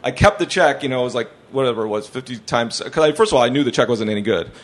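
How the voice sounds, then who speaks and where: The recording is very noisy, and the man talks fast in a mid-range voice. As a podcast host in casual chat, he tells rambling, animated stories and acts out the people he quotes.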